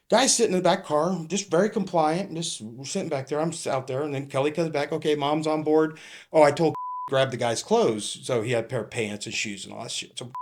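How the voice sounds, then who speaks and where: A middle-aged man with a Californian accent, a retired police captain telling a story in casual conversation, acting out the dialogue and laughing as he goes. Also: fairly high pitch.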